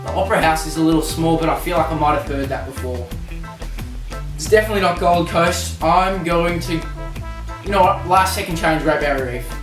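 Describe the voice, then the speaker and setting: A man's voice: on the high side, brisk, reverberant, recorded from a distance, music in the background. A young Australian man with an Australian accent, chatting casually and poking fun at himself while doing a quiz. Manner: chatty, self-mocking, slangy. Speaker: vlogger.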